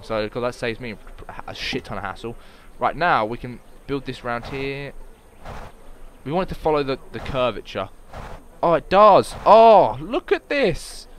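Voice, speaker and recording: A man giving casual let's-play commentary, excitable and swearing often as he talks to himself while playing. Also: mid-range voice, a little hiss or hum. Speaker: gameplay commentator.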